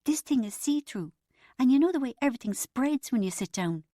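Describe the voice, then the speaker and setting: Woman playing a fretful young woman friend, bit higher and louder, dry close sound. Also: expressive, fairly quick, dry recording. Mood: anxious. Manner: fretful, urgent. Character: anxious, self-conscious young woman friend.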